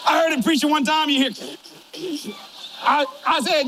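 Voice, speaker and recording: A man's voice: extremely high pitch, normal speed, long pauses, pushed and bright, slight background noise. An older man preaching a humorous sermon in a folksy, joking, storytelling way.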